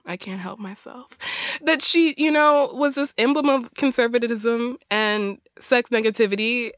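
A woman co-hosting a podcast, rushing through a profane comic story and laughing between lines. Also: on the high side, a bit bright, no echo, studio quality. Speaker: podcast co-host. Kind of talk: rapid comedic recap.

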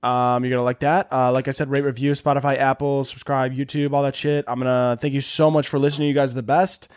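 A man's voice: mid-range voice, quick pace, clear, resonant tone. A man hosting a solo podcast, ranting casually and profanely with lots of fillers. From half Italian family. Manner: profane, rambling, animated. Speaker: podcast host.

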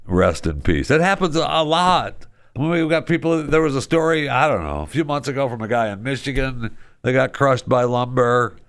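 A man's voice: medium pitch, animated, normal speed, a bit bright, clear, resonant tone, no echo, studio quality. A man hosting a talk show, delivering a casual monologue with chatty, opinionated asides and wry humor. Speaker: radio show host.

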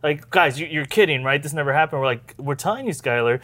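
A man's voice: on the high side, animated, quick pace, pushed and bright. A young man co-hosting a casual podcast, joking, laughing, and reading out listener questions. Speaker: podcast co-host. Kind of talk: casual chat, storytelling.

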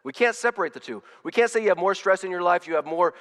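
A man's voice: high voice, animated, fast, a bit bright. Earnest preaching man, ringing hall. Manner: earnest, with frequent word repeats and restarts. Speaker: pastor. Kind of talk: sermon.

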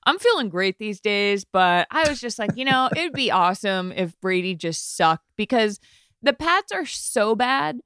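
A woman's voice: mid-range voice, sing-song, measured pace, a bit bright, clear, resonant tone, no echo. A woman from New England talking sports as a panelist, candid and self-deprecating. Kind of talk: casual sports chat.

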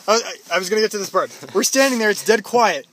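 A man's voice: high-pitched, fast talker, a little hiss or hum. A young man from Canada casually telling a story to a friend, acting out the people in it. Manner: animated, acts out quotes in loud put-on voices.

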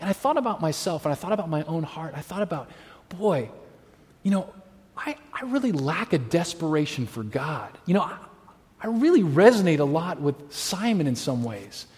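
A man's voice: a little high, big pitch swings, moderate pace, darkish tone. A man preaching a sermon, telling stories animatedly and acting out the voices of people he quotes. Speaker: pastor. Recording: long hall reverb.

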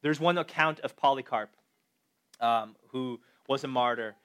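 A pastor gives a conversational, animated sermon, speaking directly to his listeners and putting questions to them. His voice is medium-pitched and clean, and he talks a little slowly.

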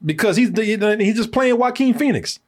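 An american man riffing through a movie review podcast with a slightly husky, somewhat high voice. he gets animated, laughs a lot, swears freely and fills gaps with uh and you know. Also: normal speed. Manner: animated, laughing, profane, lots of fillers. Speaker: film review podcast host. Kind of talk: casual film review chat.

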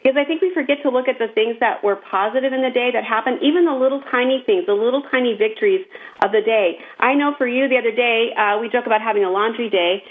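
A woman's voice: fairly high pitch, fast talker. A woman co-hosting a casual chat, speaking in an earnest, encouraging way. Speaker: podcast co-host. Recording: tinny phone-line sound.

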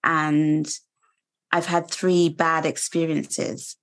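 A British woman in her thirties, a guest speaking earnestly and reflectively in an interview, pausing and restarting as she thinks. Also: low-pitched, little pitch movement. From United Kingdom. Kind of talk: candid interview conversation.

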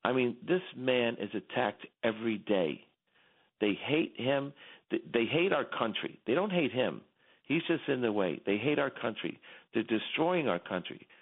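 Middle-aged man phoning in, fervent and repetitive, tinny phone-line sound, mid-pitched. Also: expressive, unhurried. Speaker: phone-in guest. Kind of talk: impassioned political commentary.

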